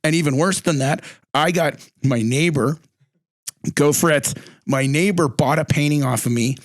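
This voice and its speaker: A man's voice: a little slow, dry recording. Chatty middle-aged man, dry close sound. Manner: chatty storyteller, acts out quotes with big pitch jumps. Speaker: podcast host. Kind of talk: casual chat.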